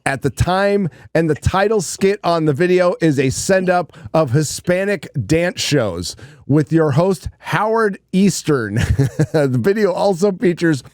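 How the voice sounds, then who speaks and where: A man's voice: fairly high pitch, animated, a little slow, a little mellow, no room sound, clean studio sound. A man hosting a livestream, giving blunt, rambling commentary and swearing casually. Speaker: livestream host.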